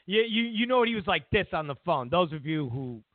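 A man's voice: a little high, very animated, brisk, no echo. A man hosting a political talk show, ranting and mocking as he acts out quotes. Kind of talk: opinionated political commentary. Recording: tinny narrowband audio.

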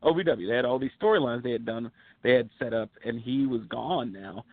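A man co-hosting a casual wrestling podcast, rambling through animated stories with plenty of fillers. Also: medium pitch, a little fast, no room sound. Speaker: podcast co-host. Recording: tinny phone-like line.

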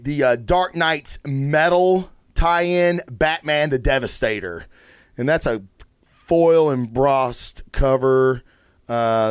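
A man hosting a comic book review show, talking in a casual, rambling, excitable way and swearing freely. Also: medium pitch, smooth, dry recording, studio quality. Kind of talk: casual solo review talk.

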